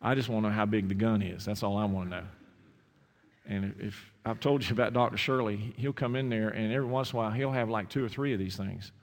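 A man's voice: fairly low pitch, fast. A man preaching a sermon with anecdotes, then leading a closing prayer. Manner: storytelling, rising to animated emphasis. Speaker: pastor. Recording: long hall reverb.

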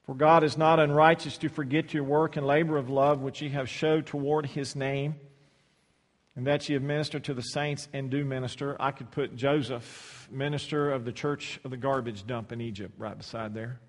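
Emphatic preacher with hall reverb. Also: male voice, fairly even intonation, moderate pace. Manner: swings from loud emphatic scripture reading to soft low asides; repeats words as he restarts. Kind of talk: sermon.

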